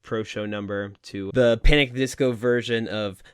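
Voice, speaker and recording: A man co-hosting a podcast in casual chat, quick and laughing often, swearing freely. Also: fairly low pitch, fairly even intonation, clear, resonant tone, dry recording. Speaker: podcast co-host.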